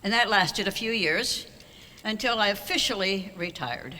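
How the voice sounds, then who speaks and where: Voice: mid-range voice, measured pace, pushed and bright. An older speaker giving a wry, anecdotal banquet speech as an award honoree, at a podium microphone in a large auditorium. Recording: long hall reverb.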